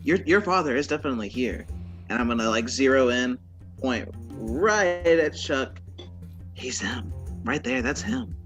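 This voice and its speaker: Casting: a man voicing a mocking half-elf shadow sorcerer with a bright, sharp tone. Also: medium pitch, lively intonation, a little slow, faint music behind. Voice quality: mocking, sly.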